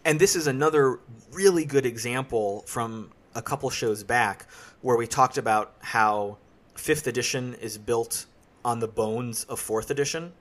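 A man's voice: mid-range voice, a little slow. Man explaining game rules on a podcast. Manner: explanatory, steady, analytical. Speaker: podcast host. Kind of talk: casual podcast discussion.

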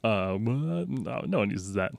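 A man's voice: on the low side, expressive, measured pace, gravelly, no echo. A man co-hosting a casual tech podcast, joking and laughing often. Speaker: podcast co-host.

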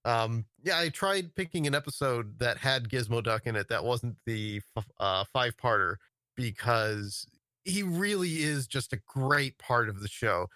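A man's voice: medium pitch, lively intonation, unhurried, bright, forceful tone, no echo. A man talking casually as a podcast guest over a video call, hesitant and full of fillers and restarts. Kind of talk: casual chat.

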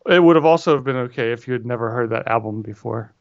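A man's voice: medium pitch, quick pace, no echo. A man co-hosting a casual podcast chat, rambling and correcting himself with wry asides. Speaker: podcast co-host. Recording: dull lo-fi audio.

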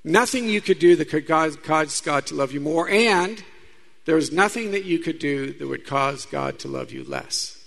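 A priest preaches to a gathering of women in a chatty, storytelling way and turns to the audience often. His voice sits a little high for a man and has a gravelly, creaky edge. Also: expressive, normal speed, fairly bright tone. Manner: conversational preaching with stories and asides to the audience. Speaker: Catholic priest. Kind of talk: sermon.

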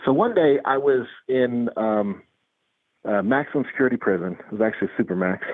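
A man's voice: mid-range voice, dry recording. A man, a psychologist guest in an interview, explaining earnestly with stories and often repeating words as he builds a point. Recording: tinny phone-like line, dry.

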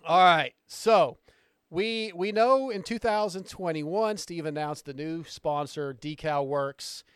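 A man hosting a casual podcast, excitable and rambling, who swears freely. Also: fairly high pitch, slow, smooth, no echo, studio quality. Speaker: podcast host.

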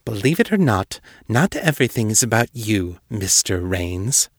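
A man voicing a droll, coolly hostile noblewoman who sounds amused with a sharp edge underneath, in a narrated story. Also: mid-range voice, sing-song, normal speed, slightly rough, no echo, studio quality. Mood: cutting.

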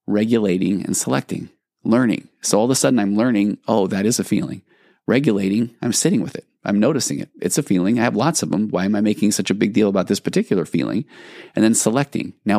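A man's voice: on the low side, gravelly, darkish tone, no room sound, studio quality. A man hosting a solo podcast in a casual, reflective way, explaining ideas and acting out inner thoughts. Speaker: podcast host.

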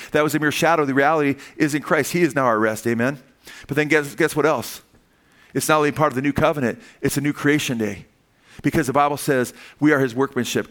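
An older man preaching a sermon as pastor, emphatic, often asking "Amen?" and rising in pitch when he pleads. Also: a bit bright.

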